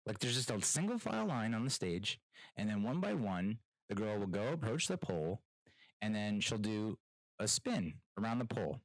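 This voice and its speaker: A man's voice: fairly low pitch, sing-song, normal speed, dry recording, low-quality recording. A man hosting his own podcast, telling rambling, self-mocking stories in casual solo chat. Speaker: podcast host.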